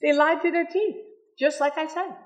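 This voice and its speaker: An older woman giving an animated storytelling talk at an event, laughing often and acting out the people she quotes. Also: high-pitched, normal speed. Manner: lively, laughs often, acts out quoted voices. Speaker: speaker at an event. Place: meeting room with audience.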